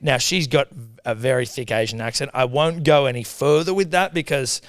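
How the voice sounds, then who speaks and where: A young Australian man co-hosting a podcast, swearing freely and jumping in loudly in casual comedic chat. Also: mid-range voice, moderate pace, no echo, studio quality. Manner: animated, sweary, jumps in loudly. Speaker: podcast co-host.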